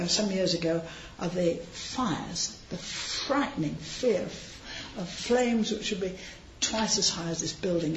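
A woman's voice: on the low side, a little hiss or hum. A woman giving an informal sermon, chatty and anecdotal, with frequent asides, recorded in a large hall. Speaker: preacher. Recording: roomy, slightly dull hall recording.

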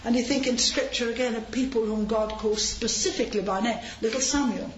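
A woman's voice: fairly high pitch, a little fast, slight background noise. A woman giving an informal sermon, chatty and anecdotal, with frequent asides, recorded in a large hall. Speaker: preacher. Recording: roomy, slightly dull hall recording.

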